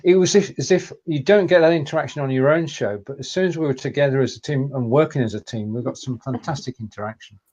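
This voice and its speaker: Male co-host, steady announcer manner, dull lo-fi stream sound. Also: medium pitch, fast talker, few pauses. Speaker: co-host of a live video show. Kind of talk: casual live-stream chat.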